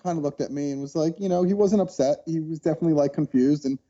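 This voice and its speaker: A man being interviewed on a podcast, telling childhood stories in an animated way and acting out what people said. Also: on the high side, quick pace, dull audio. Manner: animated storyteller, acts out quotes. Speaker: podcast guest. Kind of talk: casual storytelling interview.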